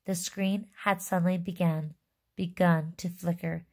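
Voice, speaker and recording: A woman's voice: on the low side, little pitch movement, a little slow, a little mellow. A woman reading a children's book aloud, stopping for chatty asides and correcting herself. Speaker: reader.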